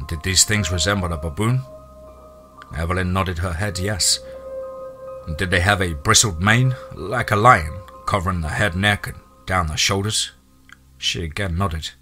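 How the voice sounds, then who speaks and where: Low, forceful male horror storyteller. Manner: plain, folksy storytelling. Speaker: narrator. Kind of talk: first-person horror story narration.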